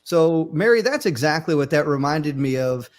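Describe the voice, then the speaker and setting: A man hosting a live online panel chat, animated and acting out quoted family members. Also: on the high side, normal speed. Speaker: host of a live panel stream.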